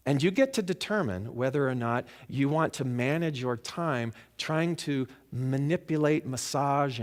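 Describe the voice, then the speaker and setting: A man at a middling pitch delivers a storytelling sermon to a congregation at a spiritual center. He is reflective, dropping to a near-hush on key lines and rising with emphasis when he wants to drive a point home. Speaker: guest speaker at a spiritual center.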